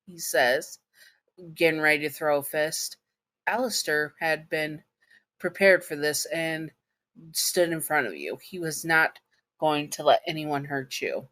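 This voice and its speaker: A woman with a Southern accent reading a second-person fan fiction story aloud, halting now and then with restarts and fillers. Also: low-pitched, fairly bright tone.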